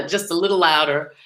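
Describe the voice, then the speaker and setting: A woman's voice: deep voice, sharp tone, a little hiss or hum. A middle-aged woman hosting a podcast in an upbeat, chatty way, laughing often. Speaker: podcast host. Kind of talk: casual podcast talk.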